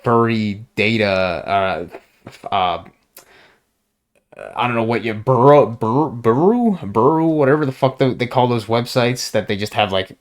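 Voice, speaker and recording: Profane rambling man, halting restarts. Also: mid-range voice. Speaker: solo podcaster. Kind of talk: rambling monologue.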